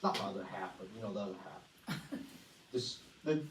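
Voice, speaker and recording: A woman giving an energetic money-management workshop presentation, often asking the audience rhetorical questions. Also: rumbling low, a little fast, noisy background. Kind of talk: motivational presentation. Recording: echoey room, voice far from mic.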